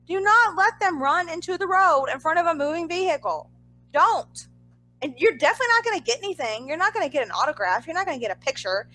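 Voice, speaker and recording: A young woman co-hosting a podcast, telling a story in casual chat with animated, exasperated asides. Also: very high voice, fast talker, low-quality recording. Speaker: podcast co-host.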